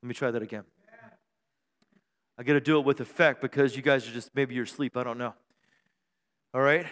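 A man's voice: mid-range voice, fairly even intonation, fairly quick, fairly bright tone, long reverb tail. A man preaching a sermon to his church, using humor and call-and-response to keep the room engaged, and drawing out key phrases for emphasis. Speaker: pastor. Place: church sanctuary.

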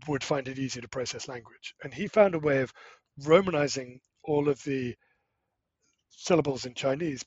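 A middle-aged man speaking as an interview guest. He explains animatedly, with quick asides and self-corrections. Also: a little high, husky, dry recording, dull audio. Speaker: guest, language-learning startup co-founder. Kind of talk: casual explanatory interview talk.

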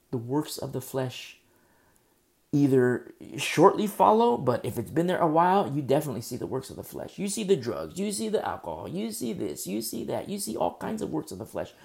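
A male pastor delivers a sermon, and his voice has a gravelly edge with a dark, mellow tone. He drives his points home through runs of emphatic rhetorical questions. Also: fairly high pitch.

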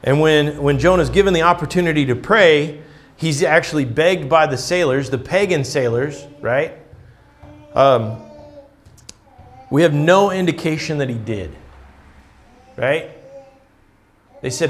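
A man's voice: a little high, measured pace, pauses often. A man giving a conversational Bible-teaching sermon, thinking aloud with restarts and often asking his listeners "right?". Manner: restarts and repeats words while thinking aloud.

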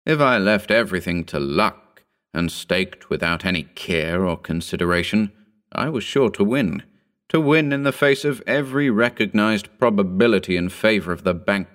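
A man narrating a Victorian short story in a measured, formal reading style. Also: fairly low pitch, animated, fairly bright tone.

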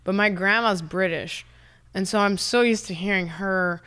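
A woman's voice: mid-range voice, moderate pace, a bit bright, clean tone. A woman from San Diego, a podcast guest telling stories in a laid-back, casual way, swearing freely and laughing often. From San Diego, USA. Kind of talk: casual chat.

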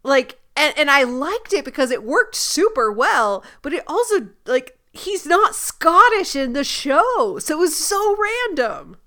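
A woman's voice: high voice, very animated, measured pace, few pauses, pushed and bright. A woman co-hosting a casual podcast who recaps the episode in an upbeat, playful way. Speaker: podcast co-host.

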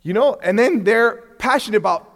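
A fairly high-voiced man teaches a Bible class in an easygoing, animated way. He tosses in "okay?" and "right?" and slips into little acted-out exchanges. His voice rings with a long reverb, as if he were in a large hall. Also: a little fast. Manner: animated, often acts out quoted dialogue; frequent restarts and check-ins.

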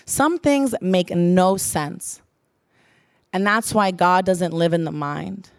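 A woman's voice: on the low side, slow pace, clear, resonant tone, no room sound, studio quality. A young adult woman giving an earnest sermon, repeating phrases for emphasis. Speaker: church speaker.

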